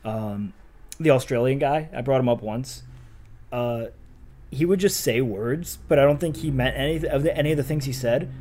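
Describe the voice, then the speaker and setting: A woman's voice: a bass voice, warm tone. A young woman co-hosting a podcast, reacting and joking in casual chat about a reality show. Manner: quick reactions, playful, swooping emphasis. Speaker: podcast co-host.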